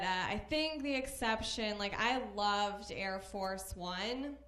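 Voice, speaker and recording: A woman doing stand-up in a comedy club, with unhurried, self-aware banter with the crowd. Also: mid-range voice, a bit bright, roomy sound. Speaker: stand-up comic. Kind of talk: stand-up set.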